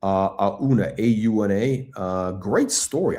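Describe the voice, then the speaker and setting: Low-voiced excitable man hyping stocks. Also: unhurried. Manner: excitable hype, blunt, swears, repeats himself. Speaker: stock channel host. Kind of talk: livestream stock chat reading chat questions.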